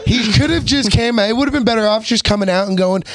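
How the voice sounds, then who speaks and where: A man co-hosting a casual podcast, throwing in quick teasing remarks and anecdotes. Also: sits high, crowd noise. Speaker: podcast co-host. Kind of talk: casual chat.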